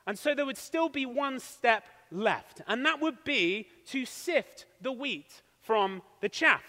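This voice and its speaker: A high-voiced man with a bright, forceful tone delivers a sermon as pastor. He retells the story in a steady, explanatory way. His voice rings out with a long reverb in a large hall. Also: takes it slowly.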